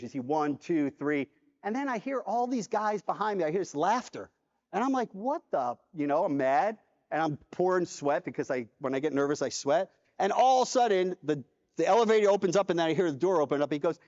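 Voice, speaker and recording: Animated man telling a story on stage. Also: sits high. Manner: animated storyteller acting out dialogue. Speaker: conference keynote speaker. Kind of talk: storytelling keynote talk. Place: large convention hall. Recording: dull hall reverb from a conference stage.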